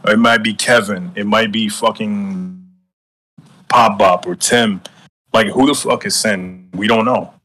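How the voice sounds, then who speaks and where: A man's voice: on the low side, steady tone, unhurried, bright, forceful tone. A man hosting a podcast who talks bluntly and profanely, full of "like" and "dude", while smoking. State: high. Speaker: podcast host. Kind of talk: casual chat.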